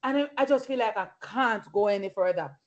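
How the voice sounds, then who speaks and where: Speaking fairly quickly at a medium pitch, a woman preaches fervently during a Bible study, weaving in personal testimony. Hallelujahs and praise burst out between her points, and the recording is lo-fi.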